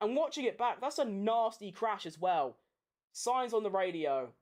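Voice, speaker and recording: A woman commentating a race watchalong live, sweary and excitable. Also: medium pitch, normal speed. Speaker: streamer hosting a race watchalong.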